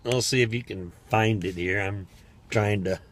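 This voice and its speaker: A man's voice: fairly low pitch, moderate pace, background noise. An older man casually telling a rambling personal story as a vlogger, sitting in his parked car, chatty and laughing as he talks. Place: parked car in a parking lot.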